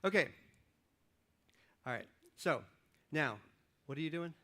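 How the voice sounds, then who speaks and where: A man preaching as a pastor from a church stage, joking with and directing volunteers in a lively, upbeat sermon. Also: on the high side, a little slow. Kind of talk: lively sermon with audience participation. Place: church stage before a congregation. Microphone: stage microphone.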